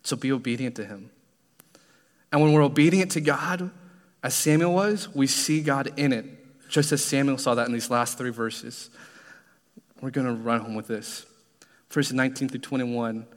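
Young male preacher, earnest storyteller at a middle pitch, recorded with a long church-hall reverb. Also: moderate pace, long pauses. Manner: earnest storytelling, acts out his own prayers. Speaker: youth pastor. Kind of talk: sermon. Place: church sanctuary.

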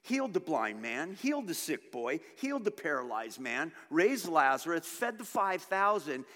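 Male pastor, high-ish voice, lively emphatic preaching, long hall reverb. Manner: animated, emphatic preaching with conversational asides. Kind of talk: sermon.

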